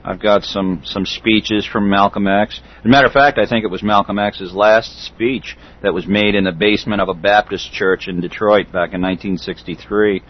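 A middle-aged man hosting a loose radio chat, his fairly low voice coming through dull, lo-fi call audio. He talks haltingly, circling back with fillers and restarts. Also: fairly even intonation. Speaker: host. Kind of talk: casual internet radio chat.

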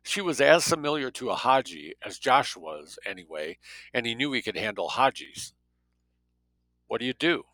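A man narrating a story as an audiobook reader, with a steady, measured delivery. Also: mid-range voice, no room sound, poor audio.

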